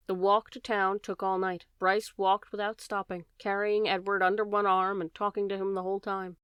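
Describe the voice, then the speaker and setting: Woman audiobook reader, storybook narration, smooth clear voice, close dry mic. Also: medium pitch, moderate pace, hardly any pauses, no echo. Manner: steady, gentle reading with shifting voices.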